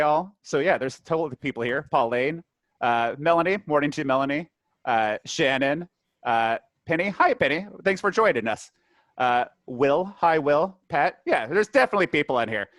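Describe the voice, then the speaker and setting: A man's voice: mid-range voice, fairly bright tone, no echo. Casual, chatty man hosting a webinar. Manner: casual, chatty, with many fillers. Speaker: community program manager, webinar host. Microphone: video call.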